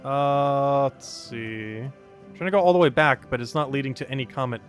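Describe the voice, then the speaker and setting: A man's voice: medium pitch, moderate pace. Chatty male game streamer, music behind. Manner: chatty, laughs often, greets chat viewers. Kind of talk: casual live-stream commentary.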